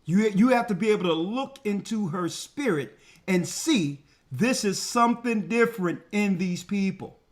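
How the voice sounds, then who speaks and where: A man's voice: sits high, expressive, measured pace. A man, a church elder, hosting a commentary show and preaching emphatically to his co-host. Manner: emphatic, addresses co-host directly.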